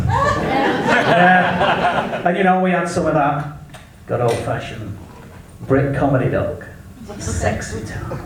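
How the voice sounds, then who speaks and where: English stand-up man, brash and crude, lively high pitch, echoey distant club sound with faint noise. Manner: brash, crude punchline delivery. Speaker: stand-up comedian. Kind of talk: stand-up comedy set. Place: comedy club stage. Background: audience laughter.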